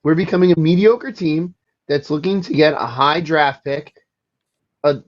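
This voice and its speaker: A man's voice: fairly high pitch, moderate pace. Insistent male podcast host, lo-fi sound. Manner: insistent, repeats his questions, frustrated fan. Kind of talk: casual sports chat.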